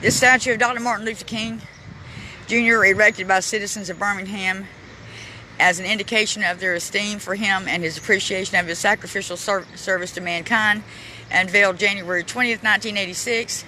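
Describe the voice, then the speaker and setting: A man's voice: high-pitched, steady tone, pushed and bright, poor audio. A man walks through a city park, filming on his phone and reading plaques aloud in a casual, emotional way. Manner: emotional, chokes up, reads plaques aloud haltingly. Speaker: vlogger touring a memorial park. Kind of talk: casual walking vlog narration. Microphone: handheld phone camera. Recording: outdoor phone recording with traffic noise. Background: street and traffic noise.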